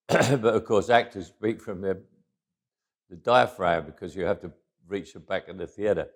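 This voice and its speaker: An older Englishman with a Cockney accent tells stories from his life in a reflective interview. His low voice is steady and measured with vocal fry, and he often chuckles and restarts phrases.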